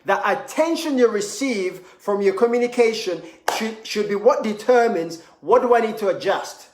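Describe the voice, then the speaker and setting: Emphatic high-voiced motivational speaker. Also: male voice. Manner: emphatic, repetitive, storytelling. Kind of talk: motivational seminar talk. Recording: echoey room.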